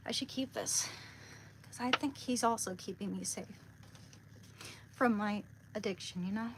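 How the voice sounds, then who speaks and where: A woman on a casual livestream who reads aloud and prays, soft-spoken and halting, near tears. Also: mid-range voice, slight background noise. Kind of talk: casual livestream chat and prayer reading. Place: small room at home.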